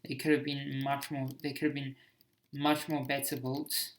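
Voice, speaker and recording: A man talks through his own homemade film in a casual commentary. He is hesitant and self-critical and often restarts his sentences. His pitch sits in the middle. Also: little pitch movement, normal speed, slight background noise.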